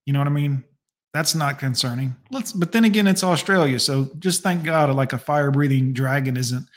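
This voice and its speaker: A man's voice: mid-range voice, brisk. A man hosting a reaction video, making sarcastic, mocking asides in casual, profane commentary.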